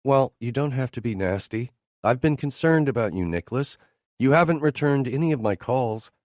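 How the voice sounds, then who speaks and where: A man's voice: expressive, normal speed, a little mellow, no room sound, clean studio sound, natural voice. A man voicing a pushy, flirtatious female employee with a coy, wheedling delivery. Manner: coy, wheedling, raised pitch.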